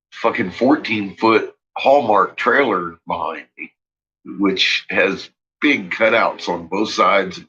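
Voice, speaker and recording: A man's voice: sits low, pushed and bright, breathy edge. A man telling a story in a casual, profane way, swearing freely and trailing off with fillers. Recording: dull lo-fi recording.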